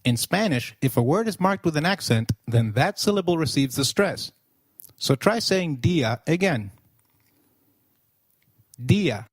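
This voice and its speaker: A man giving a scripted language lesson in a slow, clear instructional manner, pausing for the listener to repeat. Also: fairly high pitch, animated, no room sound, studio quality. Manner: slow, clear instructional delivery with pauses for repetition. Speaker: language teacher.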